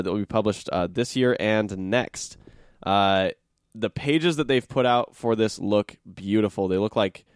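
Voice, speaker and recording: A man's voice: fairly low pitch, no echo, clean studio sound. A man hosting a podcast, chatting casually about comic news in a loose, jokey way with lots of fillers. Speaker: podcast host.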